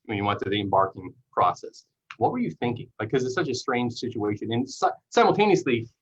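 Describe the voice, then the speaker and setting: A male podcast host asking long, rambling questions in a chatty way. The recording sounds dull and lo-fi. His voice sits at a middle pitch. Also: sing-song, fairly quick, husky. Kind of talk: casual interview chat.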